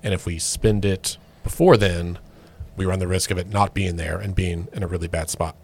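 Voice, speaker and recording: Chatty podcast guy, lowish voice, keeps restarting his sentences. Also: fairly even intonation, moderate pace, darkish tone, breathy edge. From Oklahoma. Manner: chatty, restarts phrases often. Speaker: podcast co-host. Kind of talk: casual political chat.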